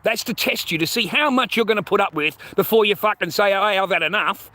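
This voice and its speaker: Middle-aged male streamer, high bright voice, profane blunt ranting monologue. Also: expressive, fast. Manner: crude, profanity-heavy, blunt. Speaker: livestreamer.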